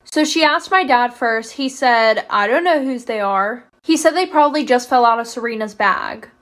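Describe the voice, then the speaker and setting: Blunt woman doing casual storytime, swears a lot, slightly high voice. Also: fairly bright tone.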